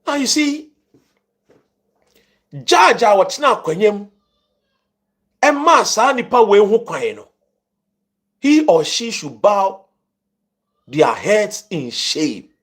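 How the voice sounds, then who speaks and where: A man's voice: sits high, fairly bright tone, husky. A man with a Ghanaian accent giving impassioned political commentary, indignant and fiery, mixing Twi and English.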